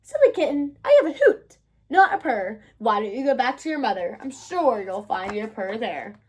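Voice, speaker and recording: A woman voicing a wise old owl who gently teases a kitten in a storybook reading. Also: on the high side, big pitch swings, normal speed, husky. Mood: teasing. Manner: playful, hooting.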